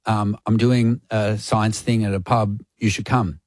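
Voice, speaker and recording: A man's voice: lowish voice, unhurried, dry recording. A man hosting breakfast radio, telling a story in a casual chat and acting out the voices of the people in it. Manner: animated, acts out quotes. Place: radio studio.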